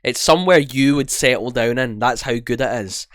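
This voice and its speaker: A man's voice: medium pitch, moderate pace, a bit bright, clear, resonant tone, dry recording, clean studio sound. A young Scottish man co-hosting a podcast, telling rambling stories with lots of swearing and restarts. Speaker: podcast co-host. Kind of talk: casual chat.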